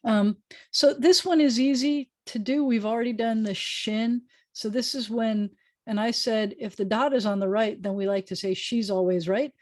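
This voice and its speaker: A woman rabbi teaching an informal online Hebrew class over a video call, chatty and joking as she sounds out words slowly. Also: a little high, a little mellow, dry recording.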